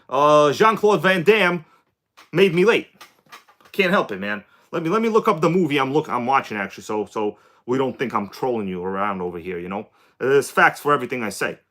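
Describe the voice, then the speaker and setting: Lively, bright-voiced man chatting. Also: a little high. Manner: joking, chatty, greets chat viewers by name. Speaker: live stream host. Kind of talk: casual live-stream chat.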